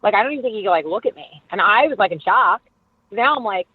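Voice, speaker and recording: A woman guest in her thirties telling stories in a casual interview, animated and full of "like", acting out who said what. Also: mid-range voice, fast talker, breathy edge, no room sound. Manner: animated storyteller, acts out quoted dialogue, lots of "like". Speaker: guest, former reality show contestant. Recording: dry, tinny phone-like line.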